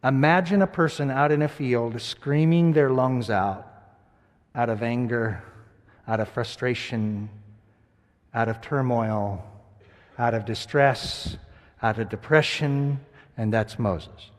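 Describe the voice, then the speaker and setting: A male pastor preaching a sermon, moving between loud, emphatic scripture reading and hushed, quiet reflection. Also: medium pitch, slow pace, long pauses. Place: church sanctuary. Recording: church sanctuary with long reverb.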